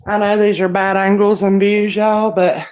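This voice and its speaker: With a flat, mid-range, slightly mellow voice at a moderate pace, a woman vlogger talks folksily to live-stream viewers as she cleans indoors at home. She's a bit out of breath. Audio comes from a phone set down while she moves around, and it sounds dull and roomy.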